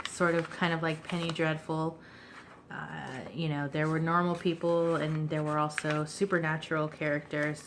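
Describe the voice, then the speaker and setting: A woman giving a relaxed, chatty show-and-tell of her handmade journal, clearing her throat now and then between fillers. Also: sits low, slight background noise. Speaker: craft vlogger. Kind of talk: casual show-and-tell craft video.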